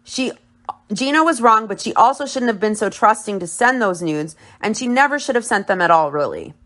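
A woman's voice: medium pitch, expressive, brisk, a bit bright. A woman hosting a podcast, recapping and commenting on a reality show in a blunt, opinionated way and swearing freely. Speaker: podcast host.

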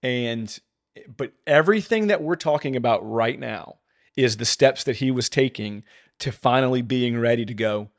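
A man's voice: medium pitch, moderate pace. A man co-hosting a faith podcast, talking with fervent, rising emphasis. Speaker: podcast co-host.

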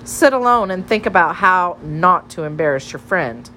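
A woman's voice: fairly low pitch, lively intonation, normal speed, pushed and bright, slight background noise, poor audio. A woman reading an audiobook, voicing a bubbly, teasing teenage girl who chatters playfully and pushes her shy friend.

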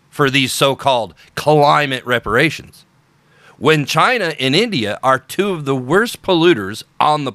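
A man's voice: medium pitch, pushed and bright, dry recording. A man hosting an unscripted political podcast, talking in an opinionated, sarcastic way with emphatic repetitions. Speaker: podcast host.

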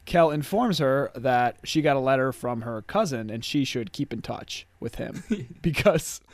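Here a podcast co-host with a mid-range, animated voice chats through a sitcom episode recap, with no echo on the audio. He's jokey, laughs a lot, and tosses in quick character voices.

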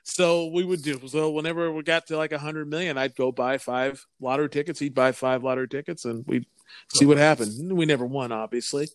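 A man's voice: on the high side, steady tone, fairly quick, smooth, no echo. A man co-hosting a casual podcast, telling a rambling story full of fillers and restarts. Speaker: podcast co-host.

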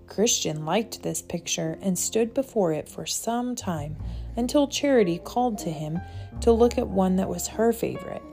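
A woman narrating a children's audiobook in a gentle, measured storytelling manner. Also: mid-range voice, expressive, creaky, faint music behind. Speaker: audiobook reader.

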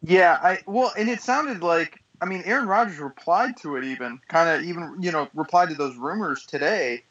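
Hesitant male co-host, bright and slightly high. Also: moderate pace, husky, highs cut off. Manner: hesitant, many ums and uhs. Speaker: podcast co-host. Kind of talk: casual sports chat.

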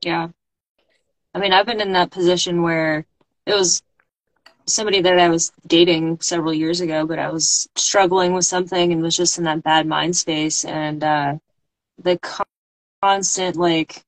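A woman's voice: lowish voice, fairly even intonation, moderate pace, no room sound, poor audio. A woman hosting a podcast, supportive and reflective, often answering with short listening sounds. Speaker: podcast host. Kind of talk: casual conversation.

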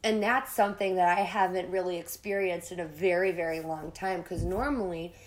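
A woman's voice: on the low side, steady tone, a little fast. A woman hosting a podcast, telling a personal story in a candid, casual way, swearing freely and acting out her own panic in quoted lines. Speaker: podcast host.

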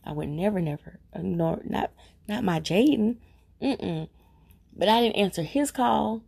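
Middle-aged woman rambling through a family story, gravelly voice, acts out everyone. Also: medium pitch, measured pace, darkish tone. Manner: chatty, repeats herself for emphasis. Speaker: vlogger telling a personal story. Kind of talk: casual storytelling.

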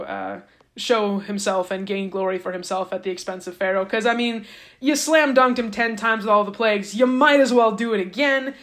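A woman hosting a podcast, retelling a Bible story in a casual, joking way with slangy asides. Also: medium pitch. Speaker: podcast host.

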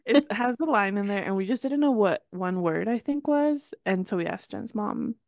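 A woman's voice: mid-range voice, lively intonation, moderate pace, creaky, darkish tone, no echo, clean studio sound. A woman co-hosting a podcast in casual chat, talking with lots of "like" and laughing often. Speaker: podcast co-host.

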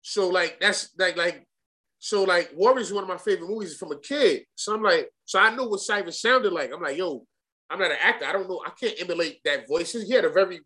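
A man's voice: high voice, fairly quick, bright, forceful tone. Profane, rambling New man. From Brooklyn, New York. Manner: profane, rambling, with many restarts and slang. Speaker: guest rapper. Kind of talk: casual storytelling interview.

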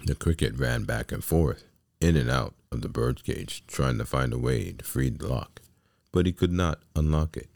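A man hosting a podcast and reading a children's story aloud in a slow, deliberate way. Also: a bass voice, very animated, creaky, a little mellow, dry recording, clean studio sound.

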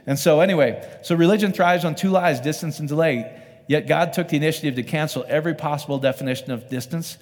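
A man's voice: on the high side, fast, darkish tone. A man preaching a sermon in a loose, conversational way, often asking his listeners rhetorical questions. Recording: long reverb of a hall.

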